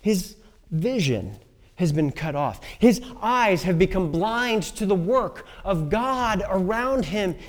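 Male preacher, high lively voice, casual storytelling with fillers. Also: takes it slowly, hardly any pauses. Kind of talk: sermon.

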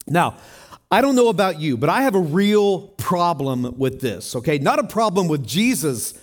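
A man's voice: a little high, sing-song, normal speed. A middle-aged man pastor preaching a sermon in a church in a conversational way, often asking the congregation questions.

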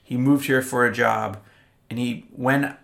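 Gravelly-voiced man chatting casually about beer. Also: medium pitch. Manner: animated, talks in quick restarts. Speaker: podcast co-host. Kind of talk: casual beer-tasting chat. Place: Austin.

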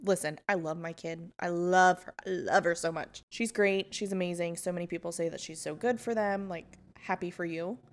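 A woman's voice: lowish voice, normal speed, hardly any pauses. A young woman hosting a podcast in casual chat, telling stories candidly, swearing and laughing as she goes. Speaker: podcast host.

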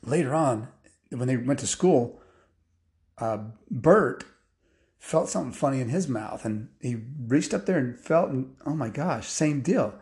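A man spins a loose, improvised bedtime story, full of asides and filler words. His voice is mellow and darkish, and his pitch sits mid-range. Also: expressive, a little slow.

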